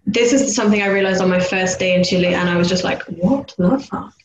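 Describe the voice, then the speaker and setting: A young woman from the UK co-hosting a casual podcast chat, animated and loud when she imitates street sounds. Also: lowish voice, quick pace. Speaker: podcast co-host. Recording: echoey room, faint background noise.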